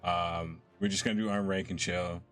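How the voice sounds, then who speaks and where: Laid-back low-voiced male streamer. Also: normal speed. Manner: relaxed, chatty, laughs often. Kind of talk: casual live-stream chat while gaming. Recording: faint game music behind.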